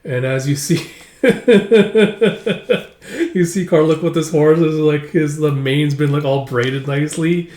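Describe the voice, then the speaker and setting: A man's voice: a little high, steady tone, moderate pace, hardly any pauses, darkish tone. Casual man retelling a comic. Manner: casual, filler-heavy retelling. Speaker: manga reader. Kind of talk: casual read-through narration. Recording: echoey room.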